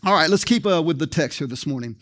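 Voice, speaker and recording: A man's voice: on the high side, animated, fast talker, a bit bright. A man preaching a sermon as pastor, in a conversational way, reading scripture and asking the congregation questions.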